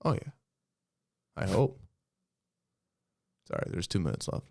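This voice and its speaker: Gravelly young man joking around. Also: sits low, huge pitch swings, measured pace, a little mellow, no echo, studio quality. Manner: joking, offhand, sweary. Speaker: podcast co-host. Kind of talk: casual chat.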